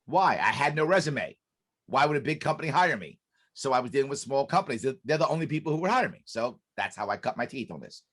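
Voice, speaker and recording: A man guesting on a podcast as a business consultant walks through a method with animated emphasis, acting out quoted dialogue and repeating key points amid restarts. His voice is mid-range and fast.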